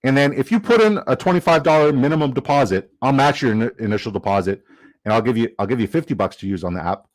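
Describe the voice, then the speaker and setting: A young man casually chatting on a live stream, reading chat comments aloud, excitable and swearing freely. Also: medium pitch, quick pace. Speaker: fantasy football streamer.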